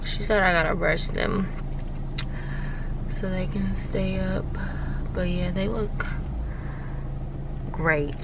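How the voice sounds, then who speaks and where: A beauty vlogger in her twenties chats casually and candidly, swearing freely and addressing her viewers as "y'all." Her voice is on the low side, with background noise in the recording.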